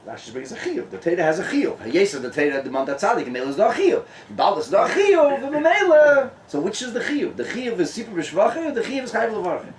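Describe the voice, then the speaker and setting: A man, a rabbi, giving a lively Torah talk at a gathering, mixing in Hebrew and Yiddish terms and laughing often. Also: high voice, brisk, hardly any pauses. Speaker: rabbi, guest speaker. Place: tent. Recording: echoey and distant room sound.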